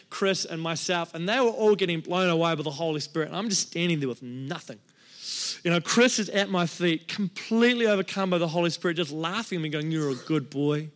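A middle-aged pastor with a high, light voice preaches from the pulpit. He tells his own story candidly, pokes fun at himself and acts out what people said. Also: fairly bright tone. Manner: candid, self-deprecating storytelling with acted-out quotes. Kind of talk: personal testimony sermon.

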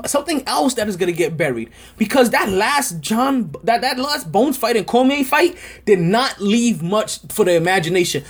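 Husky man ranting on a sports podcast. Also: high-pitched. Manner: rambling, repetitive, emphatic. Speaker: podcast host.

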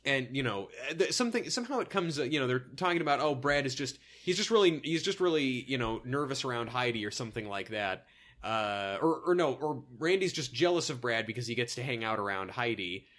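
A man's voice: mid-range voice, animated, a little fast, a bit bright. Chatty rambling man on a podcast. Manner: rambling, jokey, quotes lines from the show. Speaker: podcast co-host. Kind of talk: casual chat recapping a sitcom episode.

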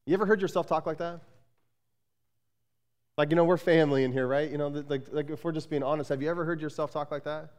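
Male pastor, sermon, higher-pitched and smooth, loose conversational delivery full of restarts, echoing church sanctuary. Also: steady tone, fast, long pauses, darkish tone. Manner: conversational, repeats "like" and restarts often. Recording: long hall reverb.

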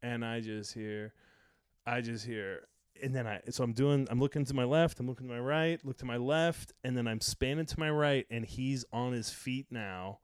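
A male comedian and podcast host telling a profane, animated story in casual chat. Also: mid-range voice, normal speed, smooth, no echo, clean studio sound. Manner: animated, profane, acts out other people's voices.

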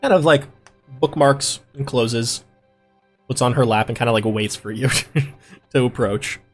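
A man's voice: mid-range voice, a little slow, soft background music. Chill guy running a tabletop game, chatty, laughs a lot. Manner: relaxed, chatty, laughs easily. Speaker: dungeon master.

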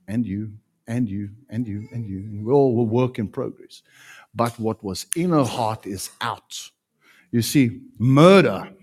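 A man preaching a sermon as pastor, emphatic, with sudden loud peaks. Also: on the low side, breathy edge.

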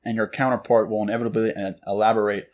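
Low-voiced casual man, filler-heavy chat. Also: quick pace. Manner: relaxed, filler-heavy, acts out quoted lines. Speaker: podcast co-host. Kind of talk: casual chat about books.

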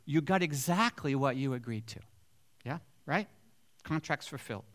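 A man's voice: medium pitch, lively intonation, moderate pace. A male pastor preaching a sermon in a mid-range voice. He talks to his congregation in a conversational way and keeps asking them rhetorical questions.

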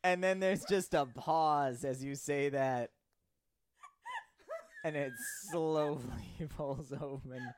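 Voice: mid-range voice, slow pace, noisy background. Giggly gm narrating a tabletop game, playful. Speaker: game master.

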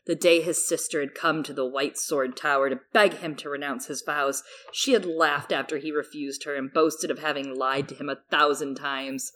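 A woman co-hosting a podcast, summarizing a book chapter and reading passages aloud in a relaxed way. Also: low voice, normal speed, hardly any pauses. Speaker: podcast co-host.

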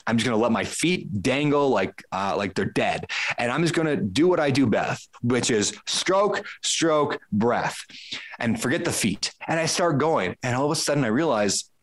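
Man telling an animated story. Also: mid-range voice, a little fast. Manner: animated, acts out his own thoughts mid-story; frequent restarts and fillers. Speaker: podcast guest. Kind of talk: casual conversational storytelling.

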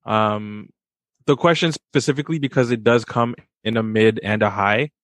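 A man's voice: on the low side, steady tone, moderate pace, a bit bright, no room sound. A man co-hosting a casual podcast, easygoing with lots of ums and likes. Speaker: podcast co-host. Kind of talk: casual sneaker podcast chat.

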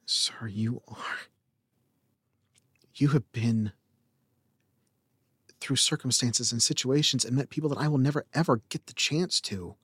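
A man playing a humble young man who speaks quietly and deferentially. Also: mid-range voice, a little slow, long pauses, breathy edge, dry recording. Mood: earnest.

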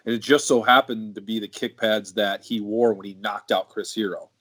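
A man's voice: lowish voice, steady tone, normal speed, fairly bright tone. A middle-aged man and professional wrestler telling rambling, profanity-laced road stories in casual podcast chat.

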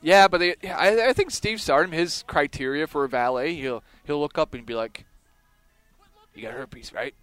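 A man's voice: a little high, brisk, hardly any pauses, a bit bright, clean tone, soft background music. A man co-hosting a podcast, casually commenting on wrestling footage with lots of swearing and laughter. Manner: profane, laughing, mocking voices for wrestlers. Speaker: podcast co-host.

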